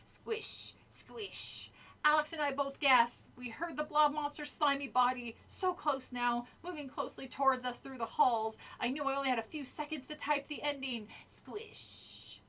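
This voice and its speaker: Sounding far from the mic, a woman streamer reads a horror book aloud casually, breaking off for commentary. Her voice is high-pitched, pushed and bright, with fairly even intonation, a little fast and hardly pausing; she's chatty, swears and laughs a lot.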